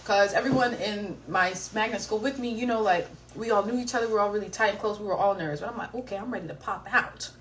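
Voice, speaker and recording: A woman's voice: mid-range voice, fast talker, hardly any pauses, far from the mic, slight background noise, rough recording. A young woman talks on a phone livestream, chatty and self-mocking. Her voice sits a little back from the mic, with a faint room ambience underneath. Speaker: livestream co-host. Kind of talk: casual chat, storytelling.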